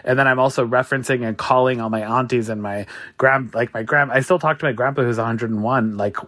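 A man's voice: mid-range voice, steady tone, fast, fairly bright tone. Chatty self-mocking man with easy laughs. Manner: chatty and self-mocking, many "like" and "sort of" fillers, laughs often. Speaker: guest, food creator and cookbook author. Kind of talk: casual podcast interview.

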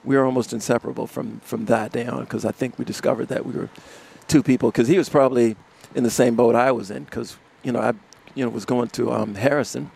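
Gravelly man telling stories and laughing. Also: mid-range voice, fast talker, hardly any pauses. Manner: animated storyteller, laughs often. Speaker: musician guest. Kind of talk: casual storytelling interview. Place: outdoors in front of a music studio complex.

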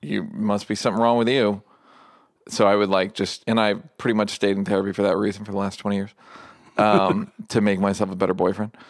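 A middle-aged man, a comedian talking candidly in an interview, rambling and halting with self-deprecating asides. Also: fairly low pitch, little pitch movement, no echo, studio quality.

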